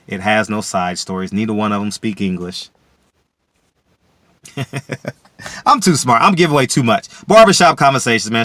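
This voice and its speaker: Boastful man with a bright, tense voice. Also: fairly low pitch, no room sound. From DC area, USA. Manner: boastful, repetitive, bursts into loud shouts. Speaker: vlogger and boxing commentator. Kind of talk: opinionated solo commentary.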